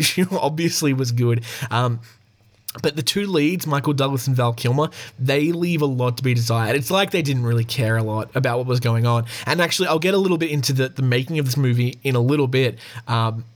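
A man giving a casual, rambling film review, frank and profane, with frequent fillers and chuckles. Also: mid-range voice.

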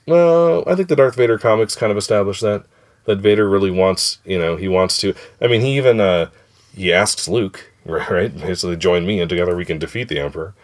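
Very low-voiced man musing aloud. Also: a little fast. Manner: muses aloud, hedging and circling back on ideas. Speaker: podcast host. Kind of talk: casual chat.

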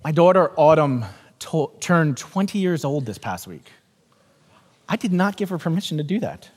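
An earnest male pastor in his forties preaches in a church, repeating his key phrases and telling stories. His voice sits high for a man. A long reverb from the hall trails behind him. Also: lively intonation, moderate pace. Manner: repetitive, earnest, storytelling. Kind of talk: sermon.

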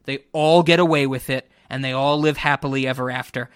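A young man hosting a casual podcast, giving a blunt, profane, animated review of a film. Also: medium pitch, brisk, smooth, no echo, studio quality. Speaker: podcast host. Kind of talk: casual chat.

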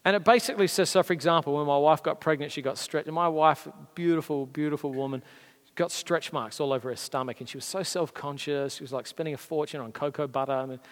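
A man's voice: on the high side, fast talker. An Australian man preaching a sermon as a pastor, earnest and conversational, with emphatic rises. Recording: long reverb of a large hall.

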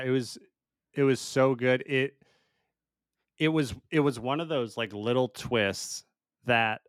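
A man's voice: medium pitch, a bit bright, no echo, studio quality. Amused, chatty man podcast co-host. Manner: chatty, amused, quick to laugh. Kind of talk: casual chat.

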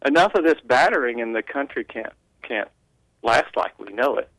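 A man's voice: medium pitch, expressive, normal speed, gravelly, a bit bright, no echo, poor audio. Opinionated man on talk radio. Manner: opinionated, mocking quoted voices, rambling restarts. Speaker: radio show regular guest.

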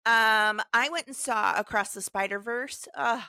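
A woman's voice: on the high side, measured pace, sharp tone, clear, resonant tone, dry recording, clean studio sound. A woman co-hosting a podcast in casual chat, giggling often and playful as she reads things aloud. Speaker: podcast co-host.

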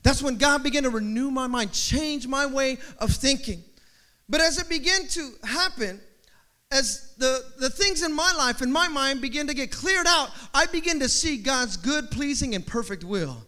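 A man's voice: very high voice, animated, normal speed, sharp tone. A male pastor preaching a sermon in a rising, repeating preacher cadence, with humorous asides and family stories.

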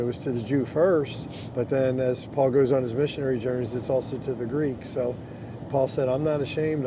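A middle-aged pastor with a mid-range voice chats casually on a social audio app, using earphones with a mic from inside a car. He reads scripture slowly, then talks loosely with fillers. Car and road noise are clearly audible.

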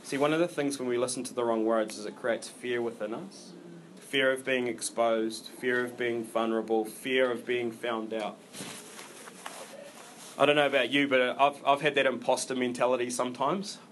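A man's voice: mid-range voice, steady tone, normal speed, a bit bright, slight background noise. Casual, rambling man preaching a sermon. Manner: informal, rambling delivery with many fillers and restarts. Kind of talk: conversational sermon.

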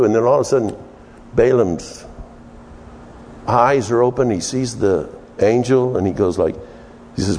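A man's voice: animated, a little slow, pauses often, mellow, slight background noise. A man preaching a conversational sermon, telling the story with emphatic, jumpy delivery. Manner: storytelling, emphatic, with sudden pitch jumps. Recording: long reverb of a large hall.

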